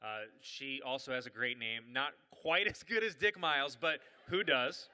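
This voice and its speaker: A man hosting an event and telling stand-up stories in an animated, self-mocking way. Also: mid-range voice, normal speed, long reverb tail. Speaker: comedian and event host. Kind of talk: live stand-up storytelling.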